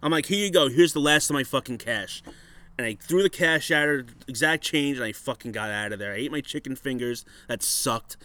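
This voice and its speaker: A man telling a bar story in casual chat, profane and animated, acting out what people said. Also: mid-range voice, fairly quick.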